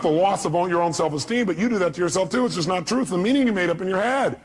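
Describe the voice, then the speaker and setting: A man's voice: high-pitched, lively intonation, rapid-fire, few pauses. A man giving a live motivational seminar talk, speaking emphatically and bluntly and firing rhetorical questions at the audience. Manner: blunt, occasional profanity.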